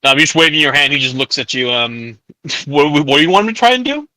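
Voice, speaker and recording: Bright-voiced man running a tabletop game. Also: fairly high pitch, lively intonation, fast talker, no room sound, poor audio. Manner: describes scenes, stops players to clarify. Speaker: game master.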